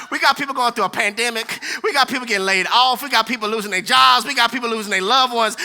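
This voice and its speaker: An animated male pastor preaching with humor, slang and frequent laughs. His voice is very high and strikingly bright. His tone swings from playful banter to hushed earnestness. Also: vocal fry. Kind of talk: sermon.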